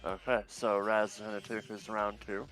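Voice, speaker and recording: A man acting as game master in a tabletop game, relaxed, with plenty of fillers and easy laughs. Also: fairly low pitch, moderate pace, soft background music, rough recording.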